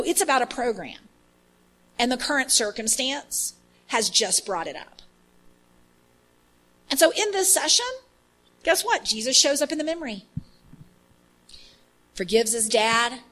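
A woman leading an inner healing ministry, telling an animated story with many fillers in a faith-based teaching talk. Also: a little high, takes it slowly, long pauses, rough recording.

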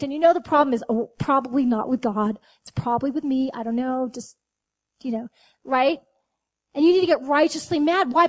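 A middle-aged woman preaching a sermon, talking straight to her listeners and acting out little exchanges with God. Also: sits high. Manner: animated, talks to the audience, acts out dialogue with God.

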